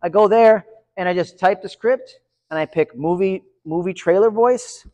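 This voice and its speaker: A man giving a live conference session, chatty and energetic, talking to his audience. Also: high-pitched, moderate pace, lo-fi sound. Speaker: conference presenter. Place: large conference room. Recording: reverberant hall.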